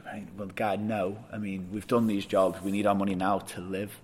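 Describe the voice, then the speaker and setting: A man's voice: on the low side, a little fast, few pauses, slight background noise. Laughing man telling stories. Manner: laughing often, animated anecdotes, quoting people. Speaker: guest. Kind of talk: casual storytelling chat.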